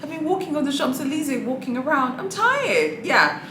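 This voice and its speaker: A woman's voice: high-pitched, very animated, moderate pace, bright, forceful tone, echoey room, slight background noise, poor audio. A woman vlogger giving sassy, chatty commentary and calling people "honey" and "boo-boo". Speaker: luxury handbag vlogger. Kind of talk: casual opinionated commentary.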